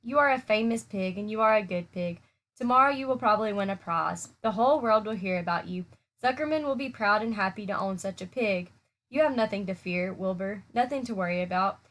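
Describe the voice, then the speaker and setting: Woman reading as a spider, female, wise, gentle, calm, soothing, storybook voice. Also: medium pitch, brisk, close to an everyday voice.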